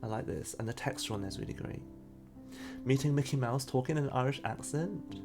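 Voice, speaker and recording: A man's voice: mid-range voice, brisk, music in the background. A man streaming live as he opens trading card packs, reading chat aloud and fumbling over names. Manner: chatty, reacts to pulls and reads chat; unsure of pronunciations, laughs often. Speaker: streamer opening trading cards.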